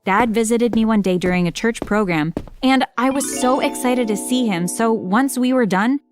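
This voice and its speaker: A woman giving scripted first-person narration for an animated story, matter-of-fact with wry asides. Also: fairly high pitch, normal speed, faint music behind.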